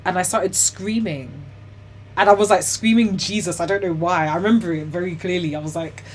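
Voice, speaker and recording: A young woman, telling her own story as an interview guest in a chatty, animated way, full of "like" and "you know". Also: fairly low pitch, fairly quick, a little hiss or hum. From Ghana and the UK. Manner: laughs often while telling hard stories.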